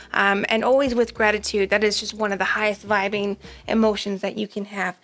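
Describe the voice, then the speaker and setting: A woman's voice: fairly high pitch, fairly bright tone. A woman doing a casual pick-a-card tarot reading, chatty and rambling, with frequent ums. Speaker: tarot reader.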